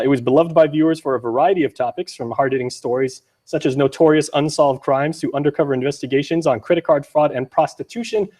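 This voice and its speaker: A young man from Guam hosting a news show, quick and joking as he runs a trivia quiz. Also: mid-range voice, a little mellow. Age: young adult. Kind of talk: lively on-air quiz banter.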